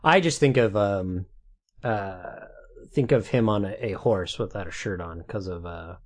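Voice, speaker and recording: A man co-hosting a podcast, chatting casually in a wry, halting way with lots of fillers. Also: lowish voice, darkish tone. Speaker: podcast co-host. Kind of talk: casual chat.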